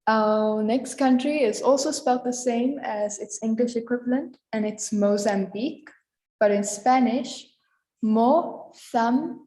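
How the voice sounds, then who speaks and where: A woman with a higher, mellow voice leads a vocabulary lesson. She says each word, repeats it, and gives the translation. The room around her sounds echoey. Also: fairly even intonation, normal speed. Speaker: language teacher.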